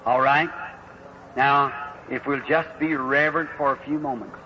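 This old lo-fi tape, full of audible hiss, captures a man with a mid-range voice and fairly even intonation speaking at normal speed. He leads a revival healing service in a folksy, earnest way, calling prayer card numbers and rising to fervent emphasis.

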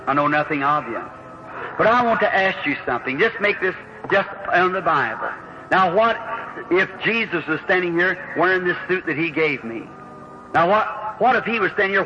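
Revival preacher, earnest and folksy, higher voice, on a muffled hissing old tape. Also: male voice. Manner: folksy, earnest, calls out prayer card numbers, rises to fervent emphasis. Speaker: preacher leading a healing service. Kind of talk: revival sermon and prayer line. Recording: lo-fi old recording with audible hiss.

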